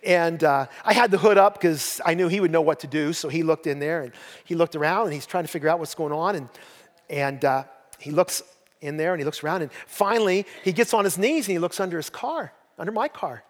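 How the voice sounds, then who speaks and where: An older pastor preaches, winding through homespun stories with a folksy, self-mocking humor. His voice sits high for a man. The sound rings with the long reverb of a large church hall. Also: a little fast. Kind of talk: sermon with personal storytelling. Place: church sanctuary.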